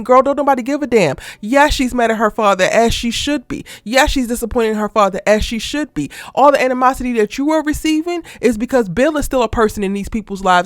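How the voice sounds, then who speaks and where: Brief: sassy female recap host, animated, dry close sound. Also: fairly high pitch, no echo. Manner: sassy, animated, heavy slang and cursing. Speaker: soap opera recap host. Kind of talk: casual commentary vlog.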